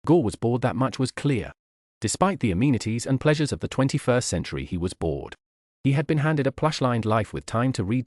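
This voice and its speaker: Male audiobook narrator, animated delivery, dry booth sound. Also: mid-range voice, dry recording. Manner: lively, animated reading with voiced characters. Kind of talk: scripted narration.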